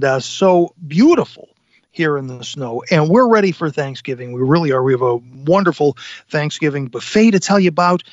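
A man's voice: on the high side, dry recording. A man hosting a radio talk show live from an inn, chatting with enthusiasm and lots of fillers. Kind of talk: casual radio chat from a live remote broadcast. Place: inn dining room on location.

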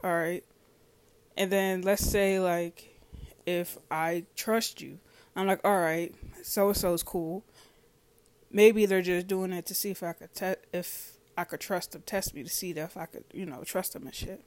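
A podcast host in a loose, casual monologue, full of swearing and quick acted-out exchanges. The talk wanders and stumbles, fixing words mid-thought, at a middling pitch. The recording is dry and close, with no room echo. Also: fairly even intonation. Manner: profane, storytelling, acts out dialogue; rambling, self-correcting.

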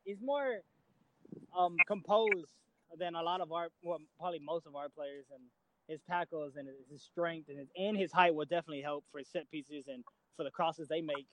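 A man on a football discussion panel who speaks hesitantly, with many pauses and restarts. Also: on the high side, slight background noise, poor audio. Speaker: podcast panelist.

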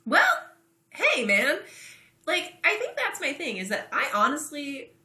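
A woman's voice: high-pitched, huge pitch swings, measured pace, sharp tone. Chatty woman in an echoey room. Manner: chatty, laughs often. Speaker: podcast co-host. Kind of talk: casual sports chat. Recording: roomy echo.

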